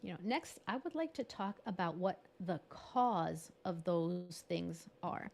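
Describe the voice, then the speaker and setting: A woman's voice: on the low side, lively intonation, measured pace, vocal fry, a little mellow. A bilingual woman presenting a live online workshop over a video call, talking in a chatty, encouraging way and laughing at herself. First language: bilingual English and Spanish.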